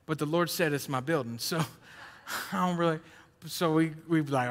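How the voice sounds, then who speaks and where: Guy preaching a sermon, bit higher voice, chatty storytelling then punchy, big echoey hall. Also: moderate pace. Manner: conversational preaching, swings from loud emphatic to low storytelling. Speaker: pastor. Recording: long hall reverb.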